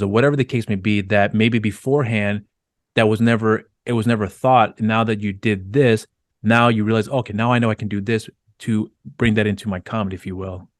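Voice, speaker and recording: A man's voice: lowish voice, no echo, clean studio sound. A man hosting a casual interview, asking long, rambling, hesitant questions. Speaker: podcast host.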